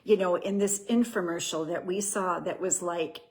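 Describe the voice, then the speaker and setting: A woman's voice: lowish voice, steady tone, moderate pace. A middle-aged woman hosting a show, sharing a personal testimony in an earnest, conversational storytelling way. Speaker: host.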